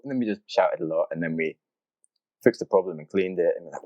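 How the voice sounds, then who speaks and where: A deep, warm-toned man hosts a podcast and tells a long anecdote in a relaxed, chatty way. He bursts into animated impressions of shocked friends. The sound is close and dry. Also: fast, no echo, poor audio. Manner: animated, acts out quoted reactions. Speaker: podcast host. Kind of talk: storytelling intro, casual.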